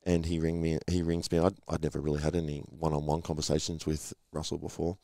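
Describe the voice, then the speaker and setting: A man's voice: very deep voice, little pitch movement, fast, gravelly, warm tone, no room sound, studio quality. A middle-aged man, a former rugby league player, telling stories in a casual interview and acting out the voices of people he quotes. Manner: chatty, acts out quoted voices in anecdotes.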